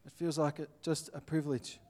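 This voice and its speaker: Casting: Australian male preacher, plainspoken and earnest, voice slightly high. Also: little pitch movement, fairly quick, a little mellow. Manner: earnest, plainspoken, acts out little scenes. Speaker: pastor. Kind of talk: sermon.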